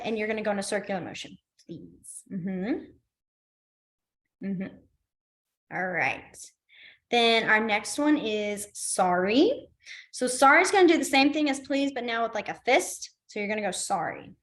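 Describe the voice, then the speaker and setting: A young woman leads a beginners' class in an easy, casual way. She sounds upbeat and encouraging, with plenty of fillers, and her voice sits a little high. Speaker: sign language teacher. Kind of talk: casual online class instruction.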